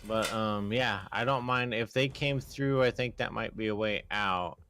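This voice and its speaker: A man's voice: fairly low pitch, measured pace, background noise. A man playing in a tabletop game, easygoing and laughing a lot. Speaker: player. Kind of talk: casual tabletop game chat. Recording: faint music behind.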